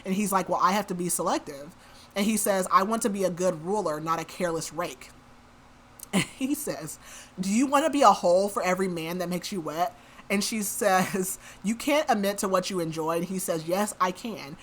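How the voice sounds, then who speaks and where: A woman's voice: lowish voice, normal speed, a little hiss or hum. A woman hosting a podcast, recapping a book in a casual, chatty way and saying "like" a lot. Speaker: podcast host.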